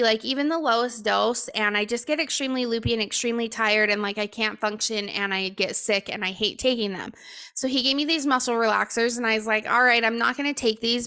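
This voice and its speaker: Bright-voiced young woman telling a story. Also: on the high side. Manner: candid, filler-heavy retelling with quoted dialogue. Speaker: podcast co-host. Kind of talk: solo podcast storytelling.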